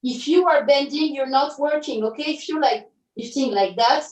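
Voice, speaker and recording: A woman pilates instructor leading an online class, cueing moves and counting reps in an upbeat way, with quick self-correcting asides. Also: high-pitched, highs cut off. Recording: roomy audio from a distance.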